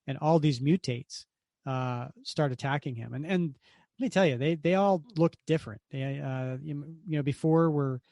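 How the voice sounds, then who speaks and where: Man, comic podcast co-host, casual and rambling, fairly high voice, dry close sound. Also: moderate pace, gravelly, darkish tone, no room sound. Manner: rambling, with fillers and restarts.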